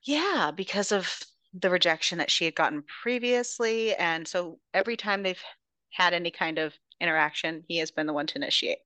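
A woman's voice: fairly low pitch, brisk, sharp tone, dry recording. A woman hosting a podcast, casually and animatedly recapping a romance novel, swearing freely. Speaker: podcast host.

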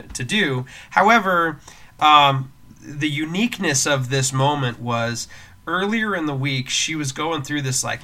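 A man hosting a faith podcast, telling a story casually with lots of restarts. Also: medium pitch. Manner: storytelling, animated with many restarts. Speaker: worship leader and podcast host.

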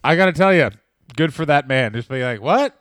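A man's voice: medium pitch, expressive, a little fast, fairly bright tone, clear, resonant tone, no echo, studio quality. A man co-hosting a comedy podcast, swearing freely and launching into mock rants. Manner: profane, ranting bits, mock challenges. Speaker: podcast co-host. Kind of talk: casual comedy podcast chat.

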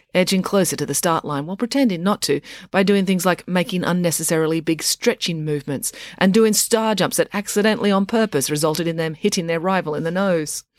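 A woman reading a children's story aloud in a lively, playful narration. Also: sits low, no echo, studio quality. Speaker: audiobook narrator. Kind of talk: scripted narration.

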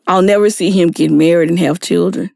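A middle-aged woman shares an emotional personal testimony as a guest, speaking with earnest feeling and acting out the people she quotes. Her voice is lowish, warm and creaky, briskly paced with fairly even intonation, in a studio-quality recording with no room sound.

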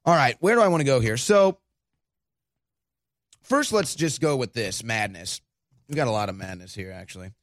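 Excitable mocking male host. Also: medium pitch, moderate pace, pauses often, no echo, clean studio sound. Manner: excitable, mocking, frequent laughter. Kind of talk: political commentary show.

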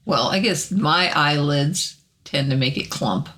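A woman from Arkansas with a Southern accent, co-hosting a casual podcast chat, chatty and quick to laugh. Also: deep voice. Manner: chatty, laughs often, animated storytelling. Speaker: podcast co-host.

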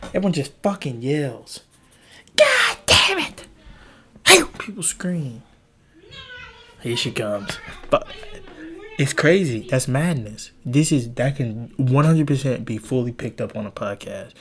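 A young podcast host with a medium-pitched, breathy voice delivers a solo rant at an unhurried pace. He is crude, animated, rambling and self-deprecating, recording at home with a loud family nearby.

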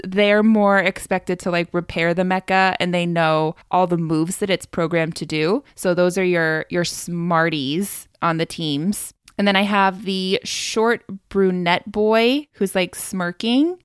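Chatty woman with a smooth voice. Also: lowish voice, no echo, clean studio sound. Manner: chatty, laughs often, describes at length. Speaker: podcast co-host. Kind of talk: casual chat.

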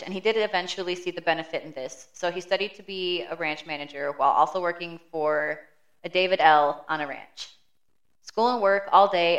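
Lower-voiced woman reading a case summary. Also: dull audio. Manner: steady, matter-of-fact storytelling. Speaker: podcast co-host. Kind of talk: reading a prepared true crime summary.

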